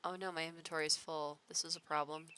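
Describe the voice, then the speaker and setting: A woman's voice: low voice, little pitch movement, fast talker, sharp tone, a little hiss or hum. Chatty young woman streaming a game. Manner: chatty, reads chat aloud, talks to herself. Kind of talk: casual gameplay commentary.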